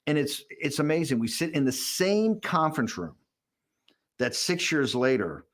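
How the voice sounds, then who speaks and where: A man's voice: a little high, very animated, moderate pace. A man being interviewed, telling candid stories in a rambling way, often restarting sentences and repeating words. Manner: acts out dialogue while retelling events.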